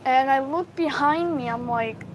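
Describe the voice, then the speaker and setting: A woman telling a story casually to live viewers on her phone, halting, with many fillers and restarts. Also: high voice, slight background noise, low-quality recording. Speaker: livestream storyteller.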